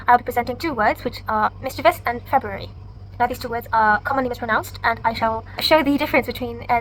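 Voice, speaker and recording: A woman student presenting to her lecturer, explaining pronunciation briskly and saying example words aloud. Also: on the high side, slight background noise, rough recording. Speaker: university student presenting an assignment. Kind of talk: academic presentation with spoken demonstrations.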